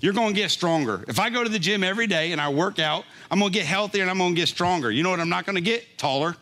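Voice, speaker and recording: A man's voice: high-pitched, expressive, very fast, pushed and bright, soft background music. An older man preaching a conversational sermon, often laughing and checking in with a "right?". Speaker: pastor.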